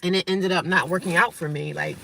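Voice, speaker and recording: A woman's voice: on the low side, fairly even intonation, brisk, vocal fry, a bit bright, slight background noise. A woman vlogger talking casually to the camera in a frank, emphatic, motivational way. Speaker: vlogger living in a shelter.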